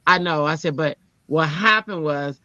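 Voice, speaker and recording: A woman's voice: measured pace, no echo, lo-fi sound. A woman, a teacher, telling a personal story in casual chat and acting out the people she quotes. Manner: animated, acts out quoted people with jumps in pitch.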